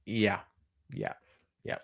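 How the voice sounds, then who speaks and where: A man co-hosting a podcast, casually recapping a wrestling show, quoting the wrestlers and laughing often. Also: drawn-out words. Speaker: podcast co-host.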